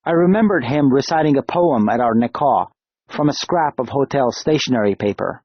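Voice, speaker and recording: A man reading an audiobook in a calm, measured narration. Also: medium pitch, husky, no room sound. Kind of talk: scripted narration. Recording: dull, dry lo-fi studio read.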